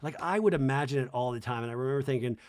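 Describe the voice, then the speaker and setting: A man hosting a podcast, giving a casual, comedic TV recap in a rambling, animated way with lots of "like". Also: mid-range voice, racing. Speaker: podcast host.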